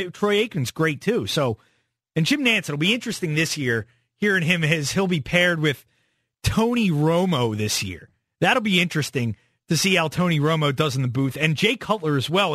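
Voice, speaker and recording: A man's voice: fairly high pitch, fairly bright tone, no echo, clean studio sound. A young man hosting a sports talk radio show, casual and opinionated, rambling through his takes.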